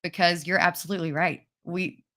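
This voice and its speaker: A woman's voice: fairly low pitch, fairly even intonation, a little fast, fairly bright tone. A woman hosting an interview, asking questions and responding with encouraging enthusiasm. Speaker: interview host. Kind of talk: casual interview.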